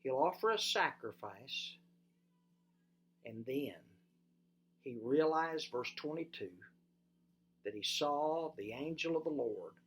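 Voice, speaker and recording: Brief: pastor delivering a sermon, animated emphasis that drops to soft, low asides, addresses listeners with questions. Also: slow, pauses often. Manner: lively, swings from loud emphasis to soft and low.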